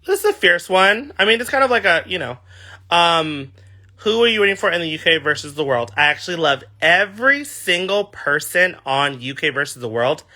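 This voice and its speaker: Sassy, gushing livestream host, man in his thirties, very lively pitch. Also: moderate pace. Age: 30s. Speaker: livestream host answering fan questions. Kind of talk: casual livestream chat.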